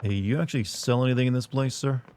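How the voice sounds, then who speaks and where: A man's voice: mid-range voice, quick pace, darkish tone. An American man streaming a game live, joking and chatting with his viewers as he plays. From United States. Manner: joking, chatty, talks to chat while playing. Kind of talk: live gameplay commentary.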